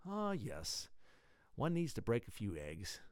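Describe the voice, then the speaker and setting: A man reading aloud and voicing a calm, bland villain in gray who speaks in a measured, quietly reasonable way. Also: medium pitch, dry recording, studio quality. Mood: placid.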